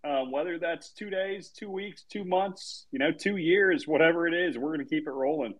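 A man's voice: a little high, normal speed, low-quality recording. A man hosting a live online audio chat, wrapping up in a loose, chatty, laid-back way over a remote call. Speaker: host.

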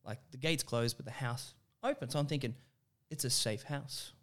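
Animated man telling a story. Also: medium pitch, moderate pace. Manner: animated, acts out voices in anecdotes. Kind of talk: casual storytelling.

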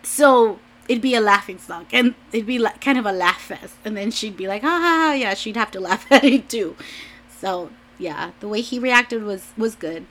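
A young woman vlogger chats casually with a bright, clear voice. She rambles, restarts her sentences and scatters "like" throughout, laughing often as she goes. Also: mid-range voice, moderate pace. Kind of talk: casual chat.

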